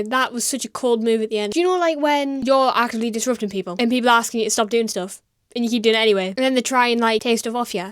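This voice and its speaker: Fast, high-voiced British woman joking. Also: clear, resonant tone, dry recording, studio quality. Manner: sarcastic, rambling, self-mocking asides. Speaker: reaction video host. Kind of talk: comedic reaction commentary.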